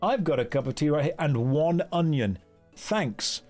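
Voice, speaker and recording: A man's voice: fairly high pitch, lively intonation, a little mellow, faint music behind. Wry, rambling male game streamer. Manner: wry, rambling and quick, jokey asides. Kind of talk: casual live-stream commentary.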